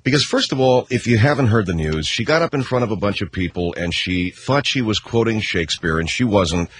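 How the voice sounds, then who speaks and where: A man's voice: lowish voice, animated, fairly quick, a bit bright, a little hiss or hum. A man hosting a talk radio show, speaking in a sarcastic and emphatic way in a studio. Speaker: radio host.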